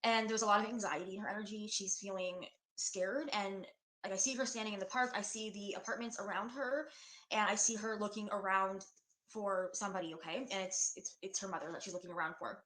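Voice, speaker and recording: A woman's voice: medium pitch, fairly even intonation, fairly bright tone. Earnest woman psychic in an echoey room. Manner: earnest, halting, with many fillers. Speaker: psychic true-crime reader. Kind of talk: recorded video reading.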